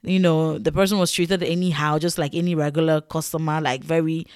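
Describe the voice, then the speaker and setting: A chatty woman, telling stories casually and animatedly, with lots of fillers. Her voice is smooth and the recording dry and close. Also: sits low, level tone, fairly quick, a little mellow, no room sound. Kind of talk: casual storytelling vlog.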